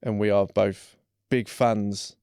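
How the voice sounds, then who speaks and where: Male podcast host, mid pitch, mellow, dry mic; upbeat and chatty. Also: level tone, slow, clear, resonant tone, no room sound. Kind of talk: casual podcast hosting.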